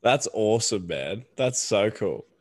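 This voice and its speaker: Aussie podcast host, lowish voice, chill and encouraging. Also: male voice, measured pace, breathy edge. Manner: relaxed, encouraging, laid-back. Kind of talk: casual interview chat.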